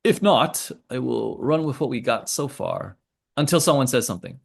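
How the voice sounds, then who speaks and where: A man hosts a casual online trading session, wandering from chart to chart with offhand jokes and filler words. His voice has a gravelly, creaky texture at a middle pitch. His delivery is lively, rising and falling widely as he reacts. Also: moderate pace. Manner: rambling, joking asides, many fillers. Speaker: host of a trading call. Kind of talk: casual screen-share commentary.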